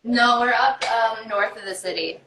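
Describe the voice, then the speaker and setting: A woman's voice: on the high side, normal speed, bright, forceful tone, a little hiss or hum, rough recording. A woman hosting a casual cooking session from her home kitchen. She sounds eager and giggly and asks lots of questions. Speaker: host. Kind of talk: casual cooking show chat.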